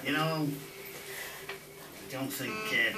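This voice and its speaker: A man's voice: medium pitch, drawn-out words, over loud music. A man performing in an amateur puppet show, playful and hammy, heckling and joking. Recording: echoey room, far from mic, loud ambience.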